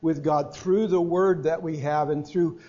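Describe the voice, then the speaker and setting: A middle-aged man preaches a sermon in a husky, somewhat high voice, with a mellow tone. He shifts from loud emphatic stresses to quiet, hushed phrases. The recording sounds dull and lo-fi, with mains hum underneath. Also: steady tone, measured pace, soft background music.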